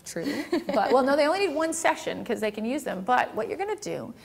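A woman's voice: sits high, sing-song, brisk, gravelly. A middle-aged woman, a photographer, teaching a workshop in a chatty, candid way, telling stories and asking the audience questions. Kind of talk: seminar talk with storytelling.

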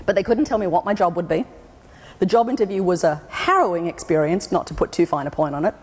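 A woman's voice: on the low side, quick pace, slightly rough. An Australian woman gives a funny keynote on a conference stage. She tells wry anecdotes and pops into other people's voices as she goes, and her voice carries with a long echo through a large hall. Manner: wry storytelling, acting out quoted voices. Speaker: keynote speaker. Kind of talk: humorous conference talk.

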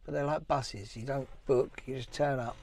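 A man's voice: mid-range voice, fairly even intonation, normal speed, creaky, a little mellow. A man chatting casually while vlogging a motorhome trip, rambling with fillers as he explains things from a ferry queue. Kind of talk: casual travel chat.

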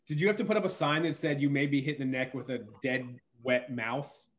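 A man's voice: mid-range voice, steady tone, brisk. A man hosting a podcast in casual chat, enthusiastic and playful, swearing now and then. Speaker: podcast host.

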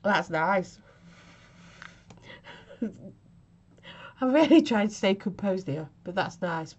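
A woman's voice: medium pitch, lively intonation, extremely slow, darkish tone. Chatty woman reviewing vape flavours. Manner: chatty, giggly, self-mocking. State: recovering from a chest infection, coughing. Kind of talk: casual review vlog.

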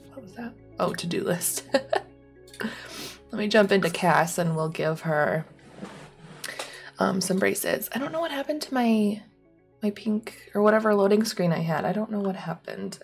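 A woman's voice: medium pitch, gravelly. A young woman giving rambling, casual commentary on her own gameplay, full of ums and likes. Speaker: gaming YouTuber.

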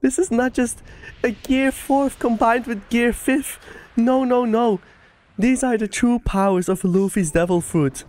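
Giddy, high-voiced woman reacting. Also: measured pace. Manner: excitable, laughs often, gushing exclamations. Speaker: reaction video host. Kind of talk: anime reaction commentary.

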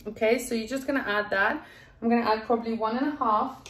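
A young woman chatting casually in a home kitchen while showing a recipe, excitable and laughing often. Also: fairly high pitch, fast talker. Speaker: cooking vlogger. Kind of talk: casual cooking demonstration.

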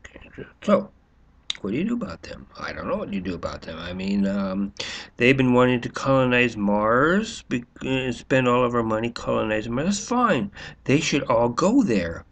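A man's voice: medium pitch, very animated, moderate pace. A man rambling through a sarcastic monologue, full of restarts and fillers. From United States. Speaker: vlogger.

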